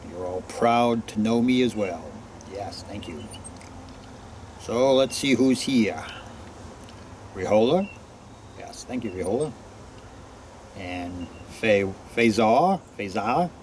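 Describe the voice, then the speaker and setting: A man vlogging outdoors in a forest, greeting unseen listeners one by one and answering for them in a quieter voice. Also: lowish voice, expressive, takes it slowly, pauses often, slight background noise. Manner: greets each name, then answers himself in a quieter voice. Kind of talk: casual talk to unseen listeners.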